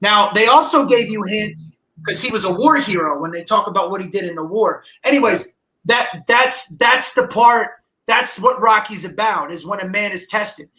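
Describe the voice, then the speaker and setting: A man in casual late-night podcast chat, fired up and profane, breaking into shouts. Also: high-pitched, expressive, normal speed, roomy sound, low-quality recording. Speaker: podcast guest.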